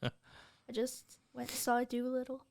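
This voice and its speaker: A young woman with a slightly high voice chats casually on a podcast. She tells anecdotes and acts out her own reactions along the way. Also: monotone, takes it slowly, gravelly, darkish tone. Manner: chatty, tells anecdotes with acted-out asides.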